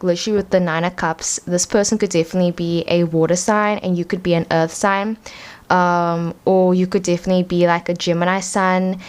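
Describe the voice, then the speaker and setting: A woman's voice: on the low side, a little mellow. A young woman giving a casual tarot reading at home, rambling and chatty with lots of filler words. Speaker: tarot reader. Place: home room.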